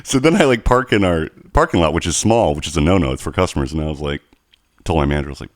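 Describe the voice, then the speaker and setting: A man co-hosting a casual podcast, telling animated stories with plenty of swearing. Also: low-pitched, fast, no echo, clean studio sound. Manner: animated storytelling, heavy swearing. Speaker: podcast co-host.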